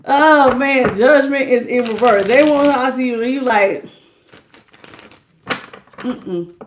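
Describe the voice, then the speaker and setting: A woman runs a live tarot reading, her voice sitting high. She keeps laughing, drops into casual slang and sometimes acts out the lines of the people she reads about. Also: moderate pace, slight background noise. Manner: laughs often, slangy and playful. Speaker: tarot reader.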